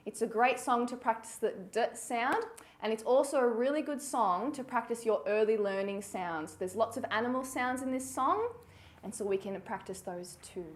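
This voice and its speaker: A woman's voice: a little high, moderate pace. A woman presenting a children's music segment, singing a nursery rhyme with gasps and playful animal noises. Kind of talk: sung nursery rhyme lesson. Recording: echoey room with faint noise.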